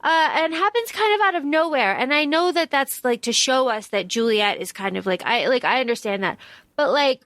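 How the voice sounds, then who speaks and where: A young woman co-hosts a casual book podcast with a high voice. She talks bluntly and swears freely. Her voice is recorded close and dry, with no room sound. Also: expressive, normal speed, a bit bright, dry recording. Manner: blunt, swears freely, acts out characters mockingly. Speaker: podcast co-host.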